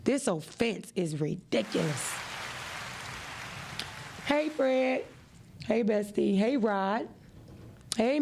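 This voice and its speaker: Woman host with a gravelly edge, preachy and animated. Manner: animated and preachy, with expressive rises in pitch. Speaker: podcast host. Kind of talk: motivational podcast talk.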